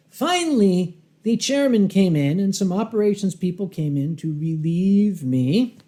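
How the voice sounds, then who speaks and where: His voice sits high, expressive and mellow, as he delivers a funny live story for a convention crowd. The style is dry and wry, punctuated by dramatic pauses, repeated throat-clearing, and performances of lines he rehearsed himself.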